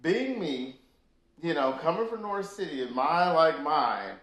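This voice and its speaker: A man in an interview telling stories from touring, animated and full of fillers. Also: fairly high pitch, measured pace. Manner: animated storyteller, many fillers. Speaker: guest musician. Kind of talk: casual storytelling interview. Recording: echoey room.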